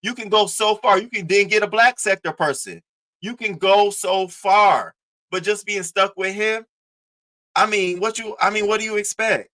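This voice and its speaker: Bright-voiced, animated male streamer. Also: high voice, moderate pace, low-quality recording. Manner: animated, profane, mocking. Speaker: commentary streamer. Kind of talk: casual commentary talking to a live chat.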